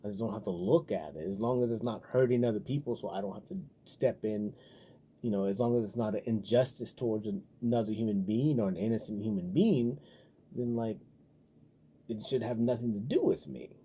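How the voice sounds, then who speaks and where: A man with a very dark, mellow and husky voice rambles through a casual vlog monologue. He swears freely and leans on filler words, getting animated when riled up. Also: on the low side, a little fast. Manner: profane, loose and rambling, heavy on filler words. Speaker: vlogger.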